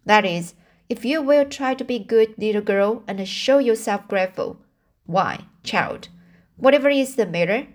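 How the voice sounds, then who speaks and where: A stern, plain-spoken older spinster speaking firmly and slowly, read by a woman in near her own voice. Her words come measured and unhurried, with occasional restarts of an amateur audiobook. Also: on the high side, lightly acted.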